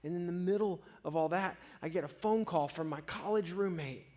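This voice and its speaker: A pastor preaching a sermon, telling a personal story with earnest honesty and swelling louder as his feelings rise. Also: sits high, normal speed.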